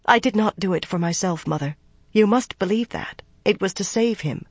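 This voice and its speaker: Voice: mid-range voice, normal speed, slightly rough, no echo, pitched above the performer's own voice. A narrator voicing an anxious woman who earnestly pleads and justifies herself, in a dry, close recording. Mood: pleading.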